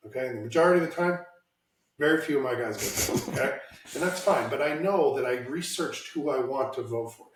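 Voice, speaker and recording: A man's voice: mid-range voice, lively intonation, fairly quick, far from the mic, background noise. A man hosting a casual podcast, speaking bluntly about politics and swearing freely. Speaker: podcast host. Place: home room, lives in Washington state. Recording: roomy echo, somewhat off-mic.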